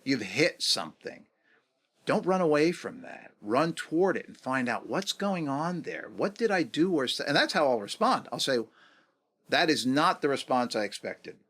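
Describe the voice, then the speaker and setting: A man in his fifties, a guest on a podcast interview, talking reflectively and acting out quoted dialogue with lively swings in pitch. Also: normal speed. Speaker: guest, negotiation executive.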